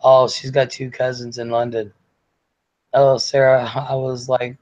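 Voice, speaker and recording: A man's voice: mid-range voice, steady tone, moderate pace, pauses often, darkish tone, muffled recording. A man, hosting a live-stream chat, rambling, sighing and reading viewer comments aloud with jokes. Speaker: show host.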